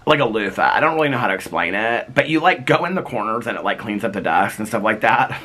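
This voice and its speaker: A man's voice: on the low side, lively intonation, fast, sharp tone. Chatty man vlogging at home. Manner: rambling, laughs often, many fillers. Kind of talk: casual chat. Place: his home, indoors. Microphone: handheld phone.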